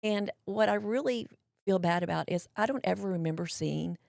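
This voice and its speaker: A woman's voice: mid-range voice, normal speed, vocal fry, no echo, clean studio sound. A middle-aged woman, a guest telling a personal story in an interview, acting out what people said to her. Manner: animated storyteller acting out quotes, drawling voices.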